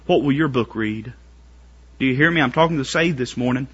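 A man preaching a sermon to his congregation, building up to shouted, strained pleading climaxes. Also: mid-range voice, a little fast, slightly rough, highs cut off.

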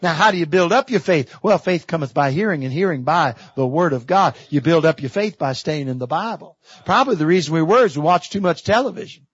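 High-pitched middle-aged preacher man, repeats himself for emphasis, dry muffled church recording. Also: expressive, fast, hardly any pauses, husky, no echo. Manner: folksy storytelling, preaching with emphatic repetition. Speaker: visiting evangelist preacher. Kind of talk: pulpit sermon. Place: church sanctuary.

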